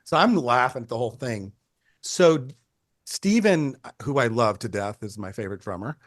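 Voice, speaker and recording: An older man, a photographer, telling stories in an interview in a rambling, animated way, acting out the people he quotes and often restarting his sentences. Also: mid-range voice, normal speed, dry recording, clean studio sound. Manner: animated, acts out quoted voices. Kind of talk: conversational storytelling.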